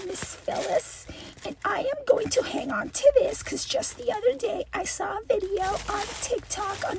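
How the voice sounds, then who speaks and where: A woman hosting a crafting channel, chatting casually and gushing with excitement as she opens gifts from viewers. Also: extremely high pitch, noisy background. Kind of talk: casual unboxing chat.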